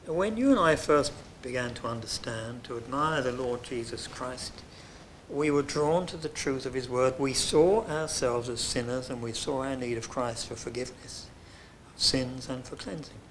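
A man preaching a sermon in an earnest way, dropping to soft, hushed phrases and then rising to loud, emphatic lines. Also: mid-range voice, normal speed, a little hiss or hum.

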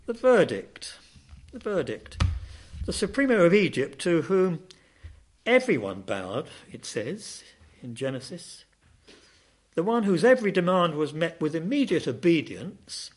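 Lively, dramatic male preacher. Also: a little high, a little slow. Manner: dramatic, rising and falling emphasis. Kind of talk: sermon.

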